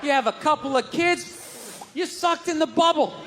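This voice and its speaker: A man doing a live stand-up set on a theater stage, ranting and profane, swinging from muttering to yelling. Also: very high-pitched, normal speed, a little hiss or hum. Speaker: stand-up comedian. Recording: echoey hall with loud crowd. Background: audience laughter.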